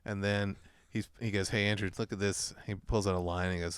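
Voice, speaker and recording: A man's voice: lowish voice, fairly even intonation, brisk, clear, resonant tone. A man co-hosting a podcast in casual comedic chat, teasing his partner and laughing hard through his own stories. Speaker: podcast co-host.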